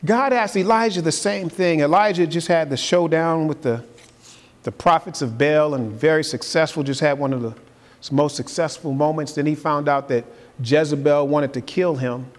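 A man's voice: on the high side, normal speed. A man preaching a sermon as pastor, building to emphatic peaks and repeating his key phrases. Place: church sanctuary. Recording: long reverb in a large hall.

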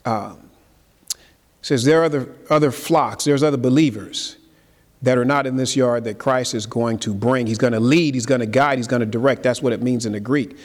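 Preaching man in a reverberant hall. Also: moderate pace. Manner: call-and-response, rhetorical questions to the congregation; swings between loud high emphasis and low quiet asides. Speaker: pastor. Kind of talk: sermon. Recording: long reverb of a large hall.

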